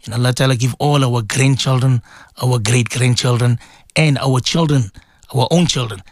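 A man hosting a casual radio talk show as a Muslim cleric, rambling and repeating words with sudden jumps in pitch. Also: steady tone, normal speed, no echo, studio quality.

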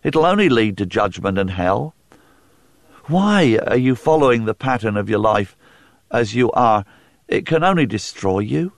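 A man preaching, voicing God as a calm, pleading male figure asking questions. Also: medium pitch, a little slow, no echo.

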